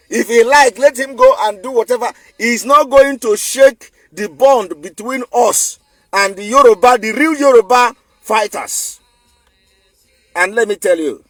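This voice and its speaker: High-voiced Nigerian man, defiant commentary. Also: dry recording. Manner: emphatic, defiant and repetitive. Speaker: political commentator. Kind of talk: online commentary vlog.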